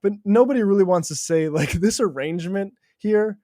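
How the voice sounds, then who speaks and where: Blunt, higher-voiced man co-hosting. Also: moderate pace, mellow, no echo, clean studio sound. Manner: blunt and emphatic, swears, laughs mid-sentence. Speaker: podcast co-host. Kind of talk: casual political chat.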